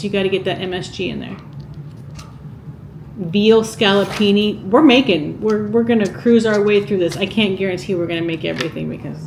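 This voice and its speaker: A woman chats unhurriedly while she reads through an old cookbook, stopping to wonder aloud and to ask her viewers questions. Her voice sits at a middle pitch and carries some room echo. A faint hiss of background noise runs under it. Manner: chatty, muses aloud and asks viewers questions. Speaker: cooking vlogger. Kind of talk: casual vlog, reading from a vintage cookbook.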